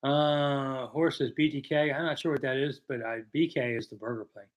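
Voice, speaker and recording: A man's voice: mid-range voice, fairly even intonation, moderate pace. A man in his sixties from the American South, hosting a casual live chat, reading viewer questions and answering with self-deprecating humor. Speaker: host.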